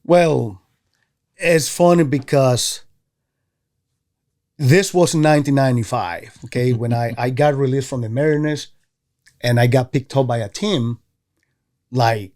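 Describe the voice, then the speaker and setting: A man from Venezuela, a former baseball player, telling stories in a casual interview, animated and acting out the voices of others. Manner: animated, acts out quoted voices with jumps in pitch. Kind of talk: casual storytelling.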